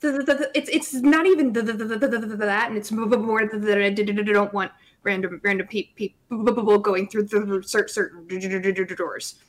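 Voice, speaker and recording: A woman's voice: medium pitch, steady tone, fairly quick, hardly any pauses, close to an everyday voice. A woman playing a stuttering, flustered young woman. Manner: heavy stutter, repeating sounds and words. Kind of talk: in-character tabletop role-play.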